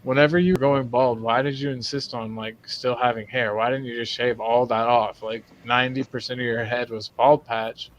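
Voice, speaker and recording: A man hosting a relaxed livestream, riffing and rambling through jokey questions. His pitch sits in an ordinary middle range, with a faint hiss behind him. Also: moderate pace, few pauses, dull audio. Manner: joking, rambling. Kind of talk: casual chat.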